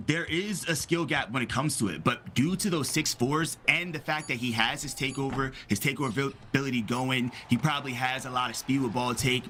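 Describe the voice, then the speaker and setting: Bright, excitable male game analyst. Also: medium pitch, a little hiss or hum. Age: 30s. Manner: excitable, breaks into laughter. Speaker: esports analyst. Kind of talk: live game analysis commentary.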